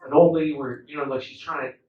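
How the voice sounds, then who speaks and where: A man in his fifties doing a stand-up set, telling stories in a lively way with acted-out quotes. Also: a little high, quick pace, highs cut off. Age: 50s. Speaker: stand-up comedian. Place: indoor comedy club. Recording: echoey club, distant mic, noisy.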